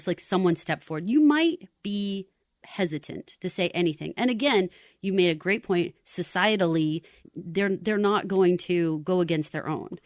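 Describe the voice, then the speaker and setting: A woman's voice: lowish voice, no room sound, clean studio sound. A woman co-hosting a podcast in casual, conversational chat, full of likes and you-knows. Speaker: podcast co-host.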